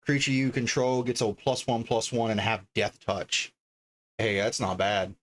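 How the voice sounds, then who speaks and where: A man's voice: lowish voice, level tone, unhurried. A man livestreaming from his home desk, chatting casually and thinking aloud as he reads out card names one after another. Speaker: livestreamer opening card packs.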